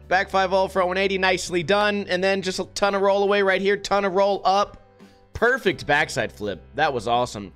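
A man with a fairly high voice talks through clips in casual commentary, blunt and sarcastic, now and then swearing. Soft music plays faintly behind him. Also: normal speed, clear, resonant tone. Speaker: skate video reviewer host.

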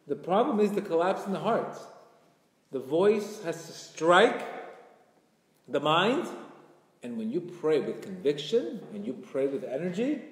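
A man giving a Torah class, speaking with passion and sometimes rising to near shouts. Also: a little high. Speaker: Jewish teacher. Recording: echoey hall.

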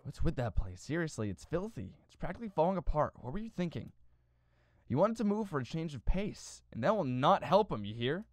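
A man quietly reading out a game character's lines in a hushed, subdued voice during a horror game playthrough. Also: fairly high pitch, sing-song, fairly quick, no room sound, voice pushed up. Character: adult game character quietly arguing about a move.

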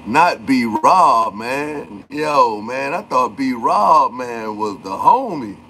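A man's voice: mid-range voice, animated, slow, pushed and bright, slight background noise. A man hosting a livestream in casual chat, talking in loose slang and calling out viewers by name. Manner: loose slangy talk, greets and calls out chatters by name. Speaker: livestream host.

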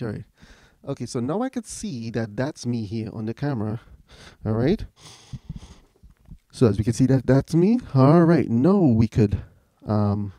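Male tech reviewer, casual step-by-step tone, warm and dry. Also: medium pitch, no echo. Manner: chatty, keeps saying "all right". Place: home music setup.

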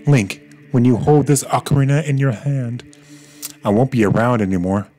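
A man's voice: mid-range voice, normal speed, dark tone, soft background music, voice pushed up, lightly acted. A man reading a young princess's farewell message from a video game in a plain voice. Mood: earnest.

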